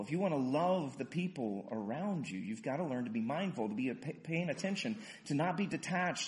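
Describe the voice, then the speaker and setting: A man preaching a sermon in a conversational way, with fillers and restarts, building to loud emphatic runs and dropping soft at the ends of lines. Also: medium pitch. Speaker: pastor.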